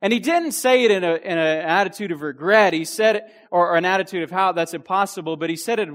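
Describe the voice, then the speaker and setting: A man's voice: sits high, fast talker, few pauses, fairly bright tone. A man preaching a youth sermon with energy, full of restarts and asides. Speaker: youth pastor.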